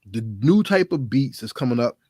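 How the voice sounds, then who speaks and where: A man's voice: medium pitch, very animated, normal speed, mellow, no echo, clean studio sound. A man hosting a hip-hop commentary channel, talking casually and emphatically to his viewers, with plenty of rhetorical questions. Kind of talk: casual solo commentary to camera.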